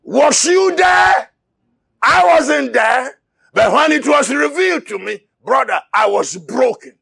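Man, fiery sermon, high gravelly voice, slow shouted delivery, dry sound. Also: expressive, no room sound. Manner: shouting and preaching, repeats words, cries out. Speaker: preacher.

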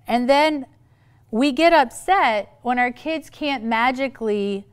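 Woman, middle-aged, psychologist talk, playful asides, slightly high pitch. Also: clear, resonant tone. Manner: playful, quick asides, acts out quoted voices. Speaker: psychologist speaking on parenting. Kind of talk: lively talk to a live audience.

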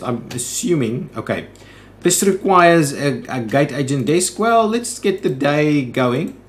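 A man's voice: mid-range voice, slight background noise. A man hosting a let's play, thinking aloud in casual commentary with frequent "ooh"s and "um"s.

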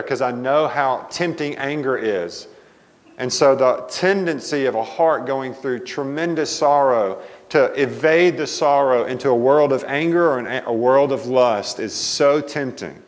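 A man's voice: medium pitch, unhurried. Man preaching in a reverberant church. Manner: animated storyteller, quotes family dialogue. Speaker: pastor. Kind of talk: sermon storytelling. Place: church sanctuary.

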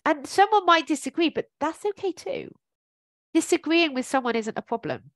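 A woman's voice: sits high, animated, moderate pace, fairly bright tone, no echo. Chatty woman coaching, dry sound. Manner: chatty and encouraging, thinks aloud with many ums. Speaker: life coach. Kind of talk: informal coaching talk.

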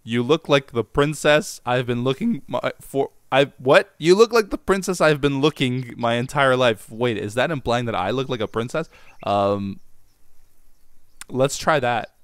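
A man's voice: medium pitch, animated, unhurried, clean tone, dry recording, clean studio sound. A man hosting a gaming channel, giving casual, playful commentary to his viewers as he plays. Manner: playful and joking, talks to viewers.

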